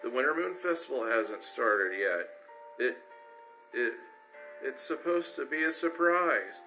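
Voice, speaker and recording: A man voicing an excitable young filly pony girl in a storybook reading, with a high, squeaky voice. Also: unhurried, soft background music, poor audio. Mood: flustered.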